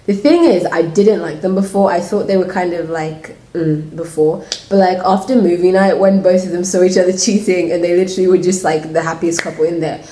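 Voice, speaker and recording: A woman vlogging a casual, opinionated review, her lowish voice dark and mellow. She rants freely with lots of "like" fillers. The room around her is noticeably echoey. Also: steady tone, brisk, few pauses. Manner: opinionated ranting with many "like" fillers. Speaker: reality show reviewer. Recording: roomy echo.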